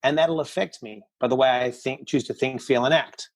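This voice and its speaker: A middle-aged man speaking as a podcast guest, with a voice of ordinary pitch. He tells his story in a blunt, candid, unpolished way. He acts out other people's quoted words as he goes. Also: moderate pace, vocal fry. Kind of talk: casual storytelling interview.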